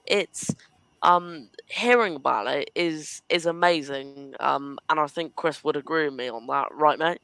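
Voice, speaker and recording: Slow, gravelly, smooth-voiced podcast host. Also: medium pitch, sharp tone, dry recording, rough recording. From outside the United States. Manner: enthusiastic, says "mate" and "mad".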